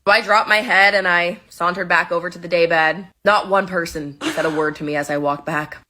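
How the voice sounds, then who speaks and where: A woman's voice: fairly low pitch, fairly even intonation, brisk, sharp tone. A woman guest telling a funny story about herself in a breezy, self-mocking way. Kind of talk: storytelling on a podcast.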